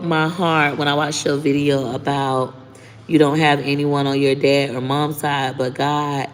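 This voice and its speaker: A woman's voice: low voice, little pitch movement, normal speed. A woman chatting casually to viewers on her live stream, talking bluntly and candidly, swearing freely and thanking commenters often. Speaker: livestreaming content creator. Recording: reverberant room with faint background noise.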